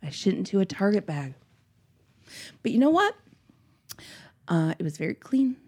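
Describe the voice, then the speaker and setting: A woman's voice: mid-range voice, sing-song, normal speed, a little mellow, breathy edge. A woman in her thirties tells a funny story in casual chat, full of laughs and acted-out panicked quotes.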